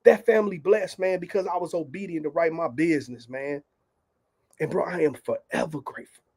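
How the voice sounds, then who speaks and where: A man shares a faith testimony as a guest author, telling it like an animated storyteller with plenty of casual slang. His voice sits high and sounds dark and mellow in tone. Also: a little fast, husky.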